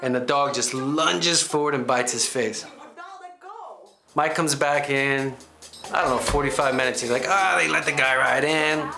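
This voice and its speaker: A man's voice: medium pitch, unhurried, gravelly, pushed and bright, faint music behind. Rambling man telling a funny story. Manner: rambling, chatty, full of asides and digressions. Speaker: host and narrator of a comedy reenactment show. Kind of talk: comedic first-person storytelling.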